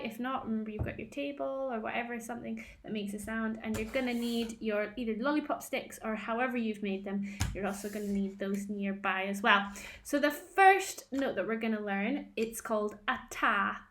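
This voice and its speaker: A Scottish music tutor sits at a table at home, close to the camera, leading a children's rhythm lesson. She speaks slowly and clearly with lots of encouragement, her voice a little high for a woman. There's a little hiss or hum in the audio.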